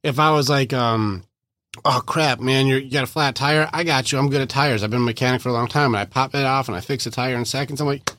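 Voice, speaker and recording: A male podcast host chatting in a loose, animated way. He keeps acting out small everyday exchanges in playful voices. He sits close to the mic, so the sound is dry. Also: mid-range voice, fast, no room sound. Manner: animated, acts out little quoted exchanges in lively voices. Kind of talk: casual conversational interview.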